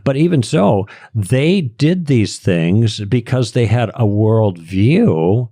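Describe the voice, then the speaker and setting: Speaking slowly in a mellow, mid-range voice, this man comes across as expressive and emphatic. The dry, studio-quality recording captures a Christian apologist on a podcast, explaining his views conversationally with a lecturing tone and stressed key words.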